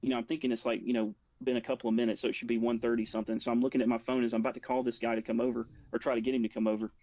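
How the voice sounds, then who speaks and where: Flat-voiced man telling a story. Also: mid-range voice, rapid-fire, no room sound, muffled recording. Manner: rambling, full of "like" and restarts. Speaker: guest recounting a personal experience. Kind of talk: casual spoken storytelling.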